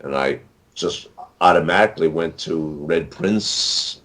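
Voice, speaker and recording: This interview guest, an author and actor in his sixties, talks casually and a little slowly, wandering off with frequent fillers and restarts. His low voice has a fairly bright tone.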